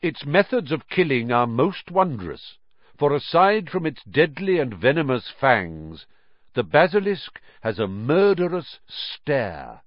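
A man reading an audiobook, narrating in a measured, expressive storytelling manner. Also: fairly high pitch, no echo, highs cut off. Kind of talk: scripted narration.

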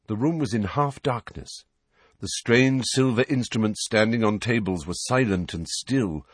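A man narrating an audiobook in an expressive, varied storytelling manner. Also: lowish voice, slightly rough, dry recording. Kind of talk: scripted narration.

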